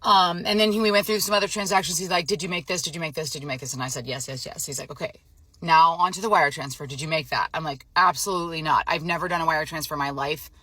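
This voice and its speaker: A woman's voice: deep voice, steady tone, fast talker, bright, forceful tone, slightly rough, no echo. A young adult woman, emotionally drained, telling to camera how she was scammed, in a frazzled, upset way. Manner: frazzled, emotional, retelling a phone scam with quoted dialogue. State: emotionally drained, near tears. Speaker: vlogger. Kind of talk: casual storytelling to camera.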